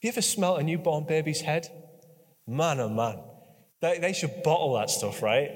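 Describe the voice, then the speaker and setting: A man with a high-pitched voice preaches a sermon, earnest and conversational, circling back to the same phrases and coaxing the congregation to speak along. His words ring out with a long reverb, as in a large church hall. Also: normal speed. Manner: earnest, repetitive and conversational, with audience prompts.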